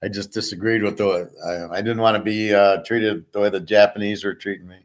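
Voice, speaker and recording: A man's voice: lowish voice, fairly even intonation, fairly quick. Blunt middle-aged man rambling on. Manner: blunt, repeats himself, swears. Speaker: channel host. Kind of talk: rambling casual monologue.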